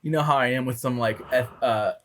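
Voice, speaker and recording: A man's voice: mid-range voice, brisk. Man, podcast co-host, casual chat, hesitant, full of fillers, faint background noise. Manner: hesitant, lots of fillers and restarts.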